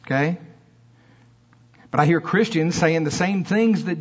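A man delivers a sermon in church, his husky, slightly high voice swinging between fiery emphasis and quiet asides. The recording is dull and lo-fi. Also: a little slow. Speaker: preacher.

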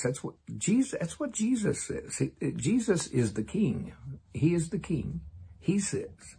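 A middle-aged man preaching a sermon in an animated, emphatic way, often chuckling and repeating his key phrases. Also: fairly high pitch, measured pace, vocal fry, slightly rough.

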